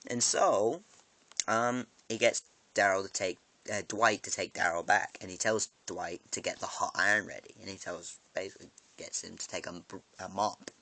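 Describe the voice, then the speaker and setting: A man's voice: low voice, steady tone, sharp tone, dry recording. A man vlogging a casual, rambling episode recap, swearing freely and breaking off into asides and restarts. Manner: profane, quick restarts and asides.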